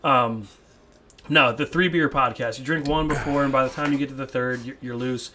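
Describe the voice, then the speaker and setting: A man's voice: medium pitch, fairly even intonation, moderate pace, pushed and bright, slight background noise. A young man hosting a casual podcast from his man cave, rambling and laughing easily, often repeating his words. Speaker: podcast host. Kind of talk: casual chat. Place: home man cave, indoors.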